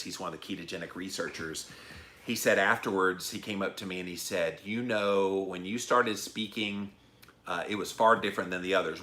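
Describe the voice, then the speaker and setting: A middle-aged man rants to his podcast listeners, his lowish voice carrying a bright, forceful edge. He punches key words loudly and then drops into hushed, almost whispered asides. The delivery is heated and conversational. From United States. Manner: fired-up, swings from loud emphasis to hushed asides. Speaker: podcast host. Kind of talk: passionate rant to listeners.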